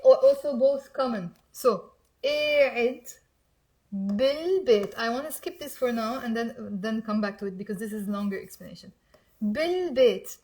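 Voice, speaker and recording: A woman's voice: fairly high pitch, darkish tone. A woman from Mount Lebanon with a Lebanese accent, teaching a casual Arabic lesson and coaxing learners to repeat words aloud.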